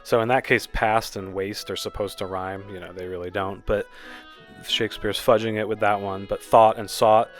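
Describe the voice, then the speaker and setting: A man's voice: on the low side, steady tone. Male poetry teacher, easygoing, reads verse with feeling; faint music bed. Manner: explains informally with fillers, reads verse slowly and expressively. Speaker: poetry teacher, channel host. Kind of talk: relaxed spoken poetry lesson with readings.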